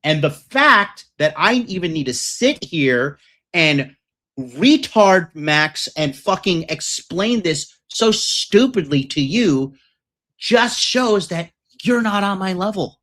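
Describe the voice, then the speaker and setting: A man's voice: on the high side, a bit bright. A man coaching on dating and success in a ranting monologue, profane, boastful and combative.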